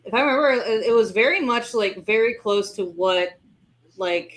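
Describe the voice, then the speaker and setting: A woman in casual stream chat, rambling loosely through stories. She swears freely and slips into acted-out quotes. Her pitch sits in the middle. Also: normal speed. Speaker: webcomic co-creator streaming.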